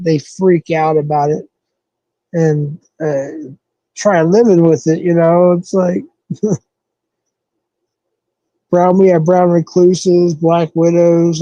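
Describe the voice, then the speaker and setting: A man from the American Southwest hosts a casual live stream, his fairly high voice mellow on a low-quality recording with no echo. He rambles loosely with viewers, thinking aloud through fillers and self-corrections.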